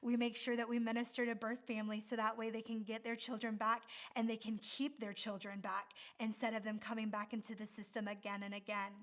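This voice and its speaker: A woman's voice: mid-range voice, a bit bright. A woman from the United States, a missionary speaker, telling a story in a sermon in an earnest, heartfelt way.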